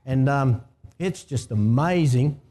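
Speaking slowly in a warm, mid-range voice, this Australian pastor delivers an animated, conversational sermon, prompting the congregation to respond to him.

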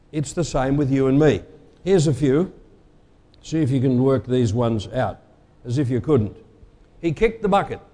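A man's voice: a little high, warm tone, in a large hall. A male preacher giving a conversational sermon and quizzing his congregation with everyday sayings.

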